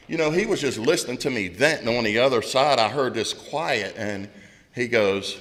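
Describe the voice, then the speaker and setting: A middle-aged man speaking at a recovery meeting, telling his story in a loud, blunt, candid way with plenty of swearing. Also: mid-range voice, moderate pace. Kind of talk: candid personal recovery share. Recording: long hall reverb.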